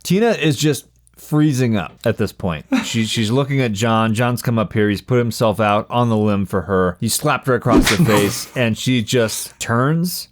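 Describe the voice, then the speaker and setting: A man's voice: mid-range voice, expressive, moderate pace, a little hiss or hum. A man playing a tabletop game, describing his character's actions with amusement. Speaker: player. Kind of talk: casual tabletop game narration.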